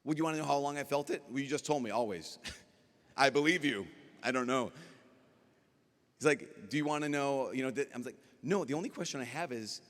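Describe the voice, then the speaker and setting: Animated man in a reverberant hall. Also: mid-range voice, a little fast. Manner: animated storyteller acting out dialogue. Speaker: priest speaking at a youth conference. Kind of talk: lively conference talk. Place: large conference hall.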